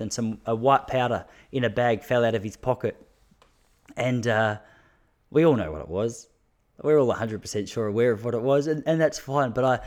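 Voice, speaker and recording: Young Aussie bloke hosting a casual chat, mid-pitched, loose and self-deprecating, laughs a lot. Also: male voice. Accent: Australian. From Australia. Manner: chatty, self-mocking, laughs often, trails into restarts. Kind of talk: casual monologue to listeners.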